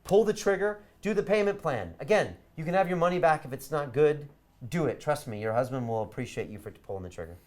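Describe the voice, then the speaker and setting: A man hosting a live online course webinar, giving a punchy, persuasive sales pitch. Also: fairly quick. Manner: energetic, emphatic, persuasive. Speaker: course host.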